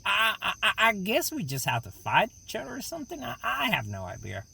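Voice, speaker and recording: A man's voice: sits high, wildly swooping pitch, brisk, gravelly, sharp tone, breathy edge. A man co-hosting an improvised comedy audio play, talking in a stammering, flustered, pleading way.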